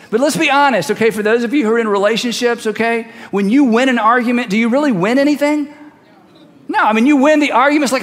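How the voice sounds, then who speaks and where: A man's voice: very high voice, fast talker, a bit bright, big-room sound. A man preaching a sermon in a conversational, emphatic way, acting out quoted voices as he goes. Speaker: pastor.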